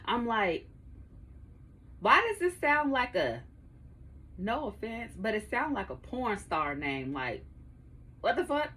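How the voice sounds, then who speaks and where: A woman's voice: on the high side, sing-song, takes it slowly, long pauses, pushed and bright, breathy edge. A woman in her thirties hosting her own podcast, telling a story to her listeners in a casual, profane way and laughing often, recorded in her home studio. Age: 30s. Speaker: podcast host.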